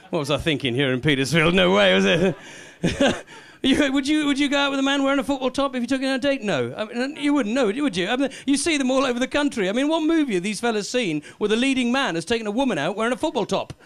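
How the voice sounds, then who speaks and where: A man's voice: very high-pitched, animated, fast, gravelly. A Welsh man doing a live stand-up comedy set, cheekily teasing and chatting with the audience. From Wales.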